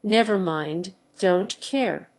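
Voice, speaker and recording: A woman's voice: medium pitch, slow pace, darkish tone. Woman reading as a distraught, defiant young woman.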